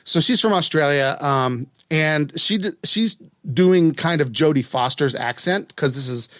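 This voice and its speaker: A man's voice: fairly high pitch, expressive, measured pace, a bit bright, no echo, clean studio sound. A man from West Virginia hosting a casual chat, rambling and chatty, often breaking off and restarting his sentences. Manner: rambling, chatty, self-interrupting. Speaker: podcast host.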